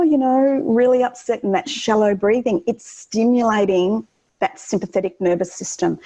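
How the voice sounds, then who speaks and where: An earnest woman speaking as an interview guest, walking through practical calming methods for children. She talks at a medium pitch in an explanatory, teacherly tone. She often pauses with ums and circles back to restart her sentences. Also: low-quality recording. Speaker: guest educator on children's wellbeing.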